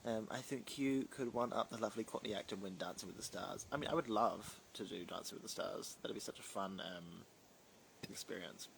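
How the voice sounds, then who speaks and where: This is a young man with a lowish, brisk, creaky voice, heard over background noise. He's a drag performer doing a casual livestream chat, working through fans' live comments with lots of fillers and wandering asides.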